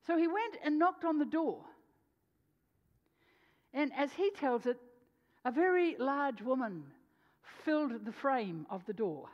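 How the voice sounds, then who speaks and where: A woman preacher telling a story in a sermon, animated, swinging between loud and hushed delivery. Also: high-pitched, unhurried, pauses often. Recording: dull lo-fi sound with long hall reverb.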